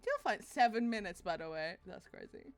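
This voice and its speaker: A woman's voice: medium pitch, lively intonation, normal speed. A woman streamer chatting casually with her friends and viewers, giggly, playful and teasing. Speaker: live streamer. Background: faint music playing.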